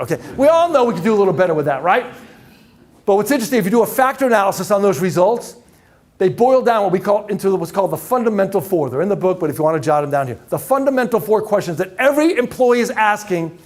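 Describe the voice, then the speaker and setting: A man presents a live leadership session in a conference room, his voice sitting fairly high for a man. He speaks with energy and keeps turning to the audience with questions. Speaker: keynote speaker. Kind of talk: live leadership workshop talk.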